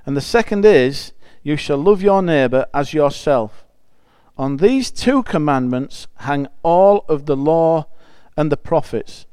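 High, smooth-voiced preacher. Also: male voice, expressive, measured pace, darkish tone, dry recording. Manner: chatty and emphatic, with frequent restarts. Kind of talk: conversational sermon with scripture reading.

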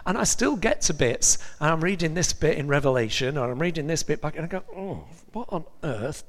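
A man preaching a sermon in a lively, conversational way, with asides to his congregation. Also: a little high, fast. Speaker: pastor. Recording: reverberant hall recording.

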